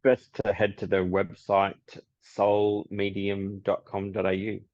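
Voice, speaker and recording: A man, a psychic medium, telling stories in a relaxed podcast chat and laughing often. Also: lowish voice, unhurried. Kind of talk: casual podcast interview. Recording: dull lo-fi audio.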